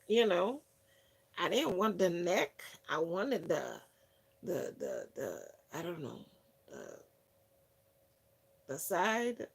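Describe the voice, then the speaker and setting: A woman hosting a wellness channel tells stories in a casual monologue full of fillers and restarts, acting out other people's words with lively shifts. Her voice is fairly low with vocal fry.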